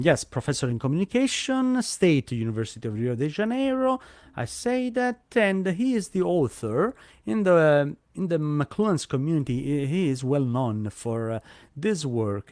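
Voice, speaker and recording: A man's voice: on the high side, sing-song, unhurried, darkish tone, no echo. Hesitant man hosting a live stream. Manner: hesitant, many fillers and restarts. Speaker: host. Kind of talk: live online event hosting.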